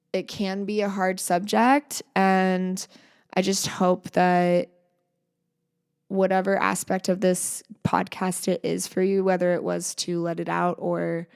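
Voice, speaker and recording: Female podcast host, earnest and encouraging monologue, vocal fry throughout. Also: fairly low pitch. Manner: earnest, reflective and encouraging, with soft trailing phrases.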